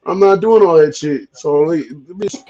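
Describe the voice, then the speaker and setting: A man's voice: on the high side, moderate pace, dark tone, muffled recording. A man chatting casually as host, cursing often and stammering through repeated words. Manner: profane, stammering, repeats himself. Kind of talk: casual chat.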